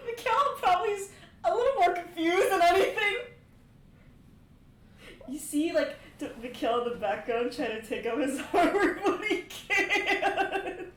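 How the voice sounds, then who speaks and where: A woman's voice: very high-pitched, animated, unhurried. A woman playing a tabletop role-play game, chatting casually and narrating her character's actions with frequent giggles. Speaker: player. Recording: echoey room, away from the mic, faint noise.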